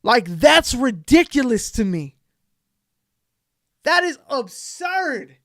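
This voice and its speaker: A man hosting a commentary channel, ranting in a heated, exasperated way that swings from shouting to quiet muttering. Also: extremely high pitch, sing-song, slow pace, dry recording, studio quality. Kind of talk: reaction commentary rant.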